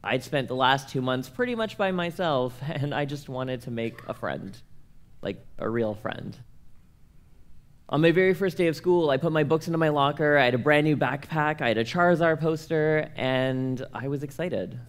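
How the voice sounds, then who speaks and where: Young man telling a lively story. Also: fairly high pitch, moderate pace, clean tone. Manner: animated, acts out quoted voices. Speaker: speaker at a church conference. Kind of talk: storytelling talk to an audience.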